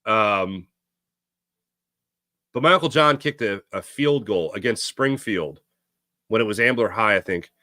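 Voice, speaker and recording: Philly guy hosting sports talk, rambles and corrects himself a lot, bright voice, super dry mic. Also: lowish voice, lively intonation, a little slow, pauses often, no echo. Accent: Philadelphia. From Philadelphia area, USA. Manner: rambling, self-correcting storyteller. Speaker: sports talk show host. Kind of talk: casual chat, answering live chat.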